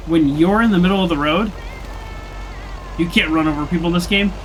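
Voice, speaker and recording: A man's voice: high voice, brisk, a little hiss or hum, rough recording. A young man streaming a video game, chatting casually and joking with mock indignation. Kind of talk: casual gameplay commentary.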